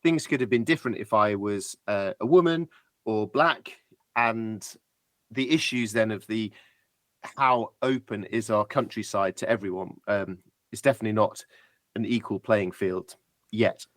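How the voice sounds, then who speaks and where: A man's voice: lowish voice, measured pace, no echo. A British man, a guest on a podcast, telling stories in a reflective, polite and chatty way. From Britain. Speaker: guest adventurer. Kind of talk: casual podcast interview.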